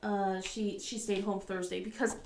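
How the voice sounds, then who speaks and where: A woman's voice: medium pitch, level tone, normal speed, darkish tone, echoey room. A woman with a cold and a scratchy throat, chatting casually as a crafting vlogger, rambling with lots of ums and laughing often. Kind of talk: casual chat.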